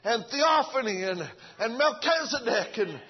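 A fervent male preacher delivers a revival sermon, with lots of repetition. His voice is high and husky. The recording sounds dull and lo-fi. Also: expressive, unhurried. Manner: fervent, repetitive, swings from shouting to hushed.

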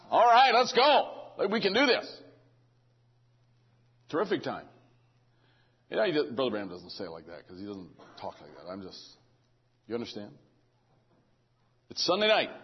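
A man's voice: a little high, slightly rough, dull audio. A man preaching a conversational sermon in a church, often checking in with the congregation and adding joking asides. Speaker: pastor. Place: church sanctuary.

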